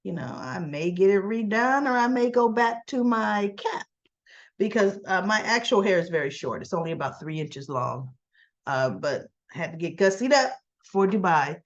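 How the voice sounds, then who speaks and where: A woman's voice: mid-range voice, animated, normal speed, lo-fi sound. A woman chatting casually as she recaps a soap opera episode, acting out the characters' lines in a livelier voice.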